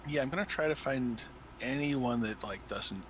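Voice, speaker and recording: A man with a middle-pitched voice plays a tabletop game, answering in short, easygoing bursts. Clear background noise sits under him. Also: moderate pace. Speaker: player.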